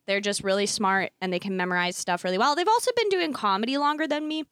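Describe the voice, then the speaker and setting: A woman's voice: medium pitch, fast talker, fairly bright tone, clear, resonant tone, dry recording, studio quality. A woman hosting a comedy podcast, playful and sarcastic, laughing easily. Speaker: podcast host. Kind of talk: casual comedy podcast chat.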